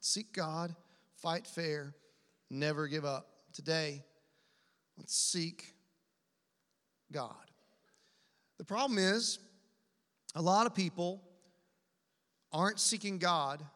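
A man preaching a sermon to his congregation, animated and drawing the crowd into call and response. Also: a little high, slow, pauses often, in a large hall. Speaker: pastor. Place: church hall.

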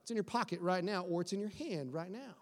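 High-voiced man preaching in a big hall. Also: fast talker. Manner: conversational, animated preaching with acted-out quotes. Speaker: pastor. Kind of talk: sermon. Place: church sanctuary. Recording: long hall reverb.

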